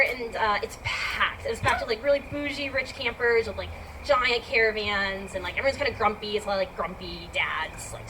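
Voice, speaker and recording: A woman's voice: a little high, fairly bright tone. A woman telling a personal story to a live audience in a chatty, filler-heavy way. She laughs often and acts out her own reactions. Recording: distant mic with background noise.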